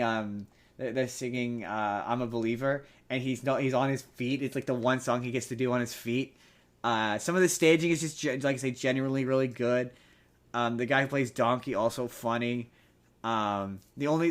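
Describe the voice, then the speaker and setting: A man's voice: medium pitch, steady tone, brisk. Rambling man on a chatty podcast. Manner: rambling, many restarts and ums. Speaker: podcast co-host. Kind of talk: casual chat.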